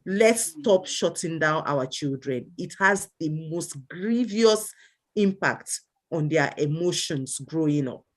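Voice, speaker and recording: A woman's voice: low-pitched, lively intonation, slow pace. A woman co-hosting an online discussion who speaks earnestly and urges the listeners to act. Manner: earnest, urging, with many listening hums. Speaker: co-host.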